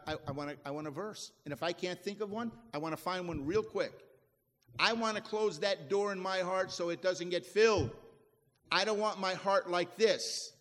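A man's voice: high-pitched, a bit bright, long reverb tail. A middle-aged man preaching a sermon as pastor, folksy and emphatic, often restarting his phrases.

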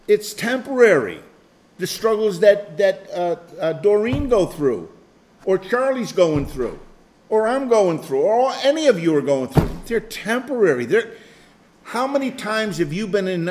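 A man's voice: high voice, sing-song, measured pace, a little mellow. Older man giving a rambling sermon. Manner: rambling, repeats phrases, chuckles. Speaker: Bible study leader. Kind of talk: informal sermon to a group.

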